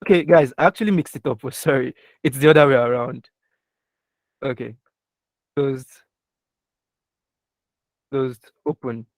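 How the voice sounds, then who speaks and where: A young man leads a live online software lesson, walking through each keyboard shortcut one step at a time. He keeps stopping to ask his students whether they can follow. His voice is recorded dry and close on a computer mic, with keyboard taps heard under it. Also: mid-range voice, a little fast, no echo. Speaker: design instructor.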